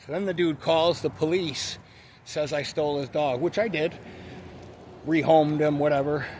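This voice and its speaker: A man's voice: a little high, fairly even intonation, a little slow, darkish tone, slight background noise. A man telling a story in a blunt, profane, ranting way, in a casual monologue. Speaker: vlogger.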